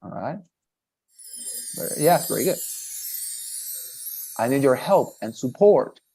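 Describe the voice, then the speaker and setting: A man's voice: mid-range voice, big pitch swings, slow pace, vocal fry, mellow, faint music behind. A man teaching English in a one-on-one lesson, encouraging and patient, often repeating praise.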